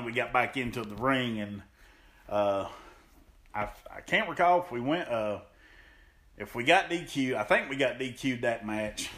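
Man, pro wrestler, podcast guest, animated storyteller, mid-pitched voice. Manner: animated, acts out quotes, laughs often. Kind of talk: storytelling in an interview.

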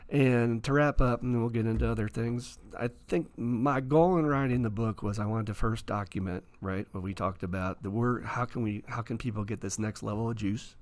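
A man's voice: mid-range voice, moderate pace, few pauses. A man, an author and guest in a studio interview, telling his story animatedly and acting out the dialogue in it. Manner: animated, acts out quoted dialogue.

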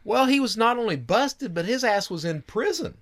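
A man's voice: high-pitched, expressive, moderate pace, pitched above the performer's own voice. A man putting on the voice of a casual, blunt male informant who talks in loose slang. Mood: offhand.

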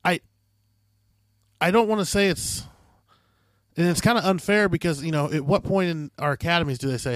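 A man's voice: a little high, normal speed, long pauses, no echo. A man hosting a podcast, asking questions in a casual, joking way with loose phrasing. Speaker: podcast host.

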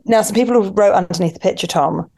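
A woman's voice: medium pitch, quick pace, vocal fry, darkish tone. A woman co-hosting a casual chat podcast, giggly and storytelling. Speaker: podcast co-host.

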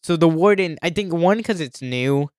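A young man co-hosting a casual podcast, playful and excitable. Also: on the high side, normal speed, clear, resonant tone, no echo, clean studio sound. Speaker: podcast co-host.

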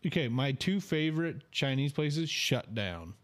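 A man hosting a casual podcast chat, animated and laughing often, with quick asides. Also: medium pitch. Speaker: podcast host.

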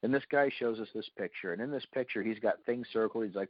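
A man's voice: lowish voice, fast, no echo. Chatty storytelling man, dry dull sound. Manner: animated anecdotal storyteller, many fillers. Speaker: paranormal investigator guest. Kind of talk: casual storytelling.

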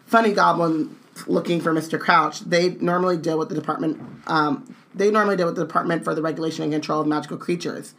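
A woman's voice: deep voice, steady tone, fast, a bit bright. A woman co-hosting a casual read-along stream, reading book dialogue with playful jokes and asides.

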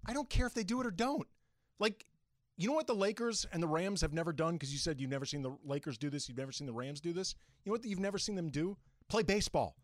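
A man's voice: fairly high pitch, quick pace, dry recording, studio quality. A man co-hosting a sports talk radio show, firing back with emphatic rebuttals. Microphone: studio microphone.

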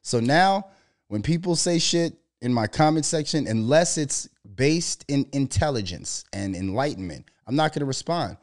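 Profane, animated man telling stories. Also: medium pitch, moderate pace. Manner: profane, animated storytelling with mocking voices. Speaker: podcast co-host. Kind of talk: casual monologue.

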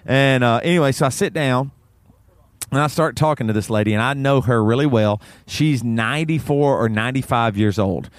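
A man's voice: moderate pace, no room sound. A man, co-hosting a podcast, telling a story in casual chat and laughing through it. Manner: animated, laughs through the story, voice jumps high when excited. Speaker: podcast co-host.

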